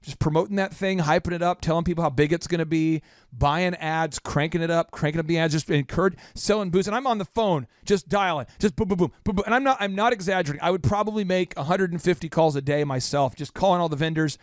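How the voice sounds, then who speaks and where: Male podcast host with a raised voice, rapid-fire storyteller, poking fun at himself, dry close sound. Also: a little high, no room sound. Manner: animated, rapid-fire, self-mocking. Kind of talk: storytelling in casual chat.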